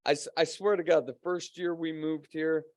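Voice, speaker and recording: A man's voice: a little high, level tone, moderate pace, a little mellow, dry recording. A man telling a rambling story in casual podcast chat, swearing and laughing often. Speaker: podcast guest; co-host of a paranormal podcast.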